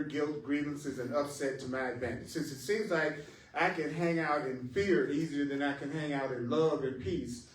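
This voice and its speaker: A man leads a spiritual talk, reflective and careful with emphasis, his voice sitting a little high. He is heard from a distance in an echoey room. Soft music plays faintly behind him. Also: a little hiss or hum. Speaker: spiritual teacher. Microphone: live-stream mic at a distance.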